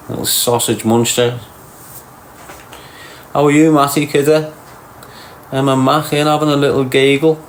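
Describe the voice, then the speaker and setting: Scouse bloke on a livestream, slow cheeky banter, bit of hiss behind. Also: male voice, mid-range voice. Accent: Liverpool. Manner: teasing, crude, slangy. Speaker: livestream host. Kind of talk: casual banter reading chat comments.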